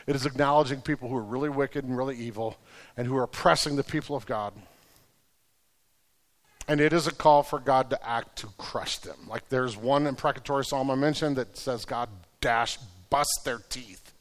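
A man preaching a sermon as the pastor, earnest and shifting between quiet reflection and loud, urgent prayer. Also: medium pitch, fairly quick. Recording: long hall reverb.

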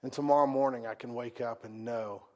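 A man preaching a sermon in a conversational way, swinging from loud emphatic lines to quiet, hushed asides. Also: mid-range voice, steady tone, brisk. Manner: conversational, repeats words and restarts. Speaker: pastor.

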